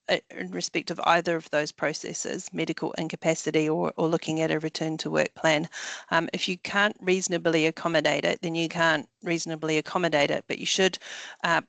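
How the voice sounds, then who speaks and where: An employment lawyer answers webinar questions over a video call. The speech is measured, with many ums and restarts. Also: mid-range voice, gravelly, a bit bright, dry recording.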